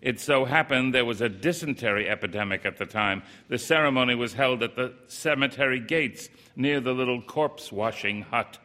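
Bright-voiced man telling a story. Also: mid-range voice, normal speed, few pauses. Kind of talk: first-person story reading.

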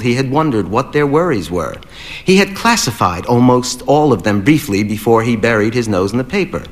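A man narrating a short story as an audiobook, in a measured, even reading. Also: mid-range voice.

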